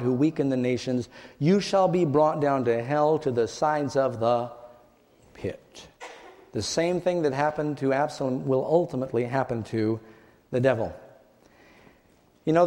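A man preaching a sermon, telling a story dramatically, his voice rising high and dropping to a hush. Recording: long hall reverb.

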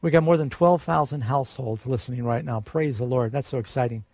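A man's voice: medium pitch, a little fast, a little mellow, dry recording. A man preaching a sermon in an earnest way, lifting his voice to stress the quoted promises.

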